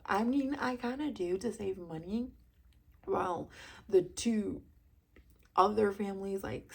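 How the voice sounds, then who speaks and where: A woman reviews a reality TV episode in a casual, gossipy way, full of sassy asides and rhetorical questions. Her medium-pitched voice is darkish, husky, and edged with gravelly fry.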